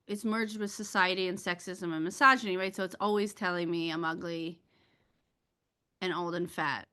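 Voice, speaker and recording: A woman's voice: lowish voice, steady tone, normal speed, pushed and bright. A woman co-hosting a parenting podcast, speaking openly and reflectively about her own inner life. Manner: open, reflective, self-disclosing. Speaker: podcast co-host. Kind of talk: reflective conversational chat.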